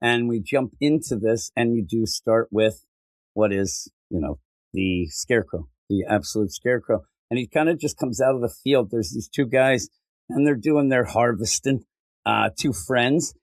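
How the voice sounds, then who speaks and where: A middle-aged man co-hosting a casual comic book review podcast, rambling and joking, acting out characters in a higher voice. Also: normal speed, no echo. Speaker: podcast co-host.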